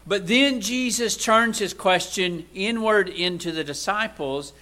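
A man delivers a sermon in a conversational style, a little slowly. He poses rhetorical questions to his listeners and alternates between loud, emphatic lines and quiet, low asides.

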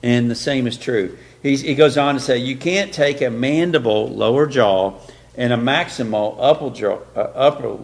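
A man delivers a sermon-style talk in a gravelly, mid-pitched voice. He presses his points with rhetorical questions and often stumbles through fillers and restarts. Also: moderate pace. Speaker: preacher.

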